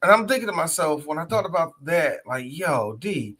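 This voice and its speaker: A man in his forties co-hosting a podcast, animated and jokey, repeating himself as he talks. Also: a little high, quick pace. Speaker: podcast co-host. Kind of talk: casual chat.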